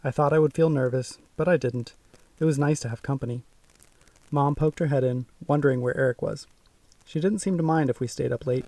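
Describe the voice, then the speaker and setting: A man narrating a first-person audiobook in a measured, suspenseful way. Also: medium pitch, dark tone, no room sound, distant mic.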